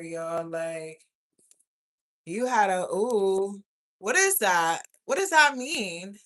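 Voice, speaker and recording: A young woman hosting a casual livestream, reading viewer comments and telling stories in a blunt, profane, animated way. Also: mid-range voice, slow. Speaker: livestream host.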